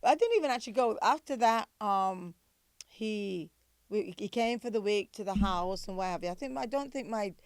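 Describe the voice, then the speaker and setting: Older woman, british accent, animated stories, laughs a lot, dry recording. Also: mid-range voice, moderate pace, clear, resonant tone, no room sound. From England. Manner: animated storytelling, laughs often. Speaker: podcast guest, pastor. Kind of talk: casual chat.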